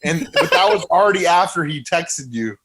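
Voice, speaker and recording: A man co-hosts a casual podcast chat in a slightly high voice. He talks bluntly and casually, swearing freely. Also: animated, normal speed, fairly bright tone, breathy edge. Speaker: podcast co-host.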